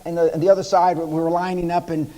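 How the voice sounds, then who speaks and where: High-pitched man, fifties, American, swearing storyteller at a seminar. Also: little pitch movement, quick pace, mellow, rough recording. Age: 50s. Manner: brash storytelling with profanity. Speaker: seminar speaker. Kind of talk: live seminar talk.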